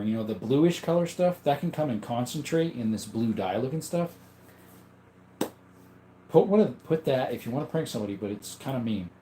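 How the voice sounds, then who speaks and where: A man's voice: on the low side, darkish tone, reverberant, slight background noise. A man hosting a casual livestream, rambling and chuckling as he reads out and answers chat comments. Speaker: livestream host.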